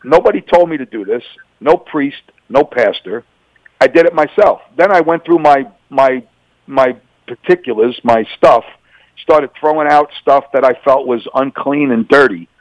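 A man's voice: medium pitch, dry recording, rough recording. Man telling his story on radio. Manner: storytelling, acts out both sides of dialogue. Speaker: interview guest. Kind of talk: personal testimony.

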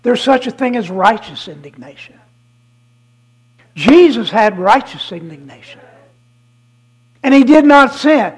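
A guest preacher giving a fiery sermon, emphatic and repetitive, swinging from shouted declarations to hushed asides. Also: medium pitch, very animated, unhurried, long pauses, breathy edge, low-quality recording.

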